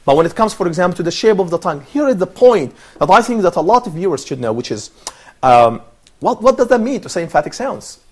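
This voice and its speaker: A man hosting a television language lesson, walking through how each sound is made. He speaks in a somewhat high voice and takes his time, repeating each sound so the panel can echo it. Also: big pitch swings, fast, darkish tone. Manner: patient, explains step by step, repeats sounds for students to echo. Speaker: TV presenter and Arabic teacher. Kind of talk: teaching pronunciation on a TV panel.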